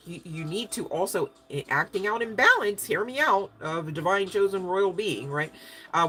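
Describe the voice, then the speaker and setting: Offering a relaxed spiritual tarot reading, this woman speaks in a low voice with a hint of brightness. She comes across as emphatic and talkative, frequently checking on her audience and cursing casually.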